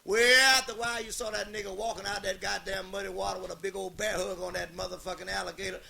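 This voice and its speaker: A man's voice: high-pitched, level tone, fast talker, gravelly, bright, forceful tone, slight background noise. A man telling a long comedic story in a rhythmic, repetitive, heavily profane way.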